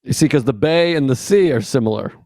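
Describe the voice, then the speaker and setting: A man, a comedian guest on a podcast, chatting casually and telling jokes in a dry, deadpan way. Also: medium pitch, fairly quick, no room sound. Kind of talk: casual chat.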